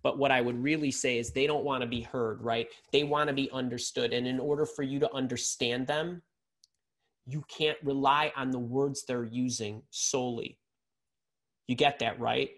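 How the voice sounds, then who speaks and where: A man giving a live leadership lesson to an audience as a career coach, energetic, with frequent repeated words and constant checks of "right?", swinging his pitch and loudness for emphasis. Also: moderate pace.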